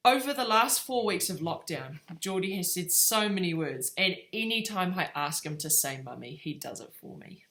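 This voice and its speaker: A woman with a slightly low voice gives a relaxed devotional talk, speaking as a mother. She tells a family story with plenty of ums and uhs. The tone stays informal and conversational. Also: moderate pace, hardly any pauses.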